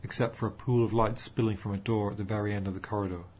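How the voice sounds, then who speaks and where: A man narrating an audiobook in a measured storytelling manner. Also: on the low side, level tone, darkish tone.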